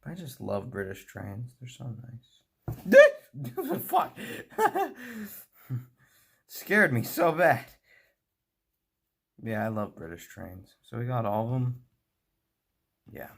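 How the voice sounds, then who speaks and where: A man's voice: lowish voice, lively intonation, measured pace, creaky, pauses often, a bit bright. An American man chatting casually and rambling while servicing a model train, often laughing at his own remarks. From United States. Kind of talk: casual chat while working.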